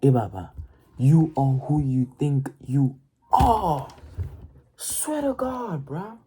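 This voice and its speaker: Low-voiced woman, profane stammering rant. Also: slow pace, a little hiss or hum, low-quality recording. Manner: profane, excitable, stammers and repeats words. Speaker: motivational vlogger. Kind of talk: casual motivational rant.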